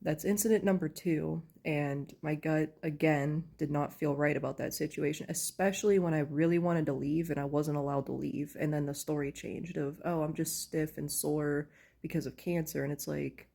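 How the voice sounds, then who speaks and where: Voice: mid-range voice, fairly even intonation, normal speed, creaky, hardly any pauses, dark tone. A tired, just-woken speaker telling a personal story at home in a casual, rambling way, full of fillers. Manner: rambling, with many fillers like "like" and "you know". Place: at home, in pajamas.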